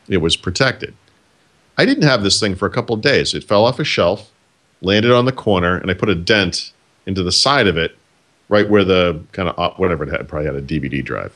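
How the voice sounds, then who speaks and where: Deep-voiced man with deadpan humor. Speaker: podcast co-host. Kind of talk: casual chat.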